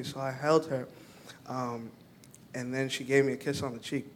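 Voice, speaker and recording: A young man giving a personal testimony to a church group, halting and full of "um" and "like". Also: mid-range voice, little pitch movement, a little hiss or hum.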